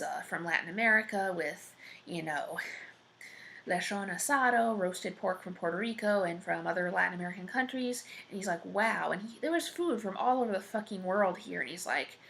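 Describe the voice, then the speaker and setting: A woman's voice: mid-range voice, moderate pace, creaky, a bit bright, a little hiss or hum. A woman telling an improvised story parody in a casual way, rambling, swearing and using lots of fillers. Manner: rambling, profane, full of fillers.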